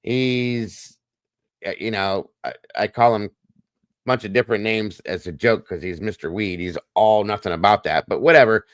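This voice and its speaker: A man's voice: fairly low pitch, moderate pace, dry recording. A middle-aged man, hosting and telling a long personal story in a blunt, rambling way. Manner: rambling, blunt, repeats himself. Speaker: podcast host. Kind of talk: casual storytelling monologue.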